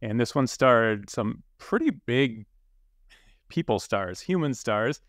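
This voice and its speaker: A man co-hosting a casual podcast, relaxed and rambling with many fillers. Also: medium pitch, takes it slowly, no echo, studio quality. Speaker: podcast co-host.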